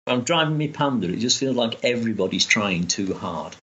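A man's voice: fairly low pitch, animated, fairly quick, pushed and bright, muffled recording. A man chatting enthusiastically as a guest, rambling with restarts. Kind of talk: casual chat.

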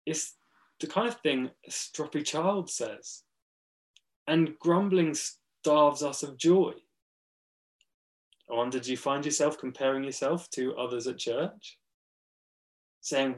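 A man preaching a sermon. He speaks earnestly and with emphasis, pausing between short phrases. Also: mid-range voice.

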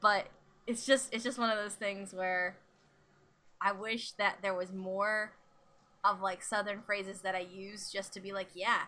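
Bright-voiced chatty woman. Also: mid-range voice, measured pace. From Pittsburgh area, US North. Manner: chatty, animated, laughs often, acts out quotes. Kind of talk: casual chat.

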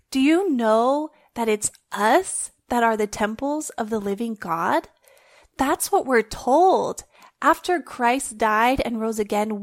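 A woman hosting a faith-based podcast, talking in an earnest, heartfelt, conversational way and recording at home on her phone. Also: fairly high pitch. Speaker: podcast host.

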